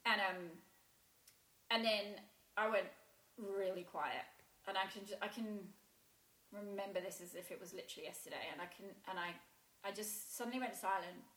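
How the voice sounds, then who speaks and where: A woman telling a painful personal story in a halting way, with many restarts and fillers. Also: medium pitch, fairly bright tone. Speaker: guest sharing a personal story. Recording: roomy echo.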